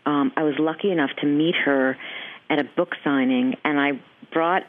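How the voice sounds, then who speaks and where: A middle-aged woman from New England, a voice actress chatting as an interview guest, animated and laughing often, with many restarts. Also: low voice, moderate pace. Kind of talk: casual interview chat. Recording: tinny phone-line audio.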